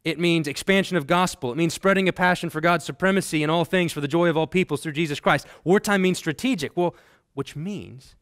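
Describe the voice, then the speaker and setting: A man's voice: a little high, fairly bright tone, dry recording, studio quality. A man from Texas teaching a seminary class. He tells personal stories in a conversational way, with frequent ums and restarts, and builds to emphatic lists. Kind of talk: classroom lecture with personal anecdotes.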